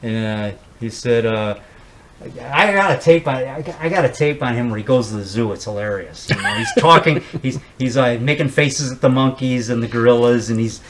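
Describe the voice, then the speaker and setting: A man's voice: mid-range voice, moderate pace, a little hiss or hum, rough recording. Rambling, stammering man. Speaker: guest, horror movie maker. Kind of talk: casual chat showing props.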